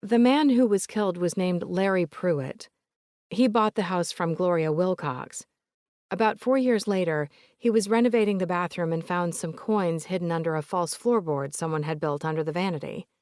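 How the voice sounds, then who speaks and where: Woman playing a calm North Carolina investigator. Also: fairly low pitch, moderate pace, no echo, studio quality, lightly acted.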